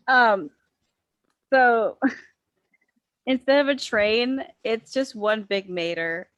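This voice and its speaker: A woman chatting casually on a podcast panel, giggling often, teasing the others and pitching ideas eagerly. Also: expressive, extremely slow, fairly bright tone, no room sound, muffled recording. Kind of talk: casual chat.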